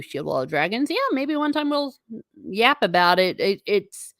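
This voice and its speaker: A woman's voice: medium pitch, sing-song, moderate pace, a bit bright, dry recording, clean studio sound. A woman hosting a live stream, chatting casually and reading viewer comments aloud with frequent laughs. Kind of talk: casual chat. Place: home.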